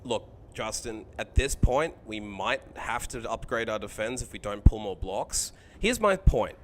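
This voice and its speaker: A man streaming a card game live, thinking out loud about his choices, chatting with viewers and swearing freely. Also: on the low side, animated, measured pace, a little hiss or hum.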